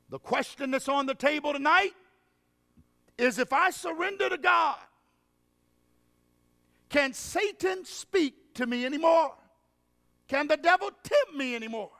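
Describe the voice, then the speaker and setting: A man preaching at a revival in a large hall, his very high, gravelly voice ringing out over a long reverb. He stretches his phrases slowly, throws questions back at the congregation, and breaks into shouts. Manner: call-and-response preaching, drawn-out phrasing, bursts of shouting. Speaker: evangelist preacher. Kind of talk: revival sermon.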